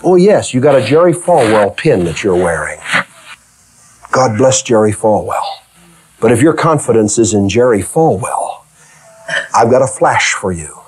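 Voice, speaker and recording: A man preaching a sermon, reading scripture and acting out its figures in everyday speech, moving from hushed low passages to loud, high exclamations. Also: expressive, unhurried, pauses often, slightly rough.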